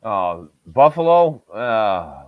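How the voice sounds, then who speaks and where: A man's voice: lowish voice, very animated, drawn-out words, clean tone, dry recording. A man, co-hosting a podcast in a profane, rambling chat packed with filler words. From Southern Tier of New York. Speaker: podcast co-host. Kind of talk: casual chat. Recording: dull lo-fi dry recording.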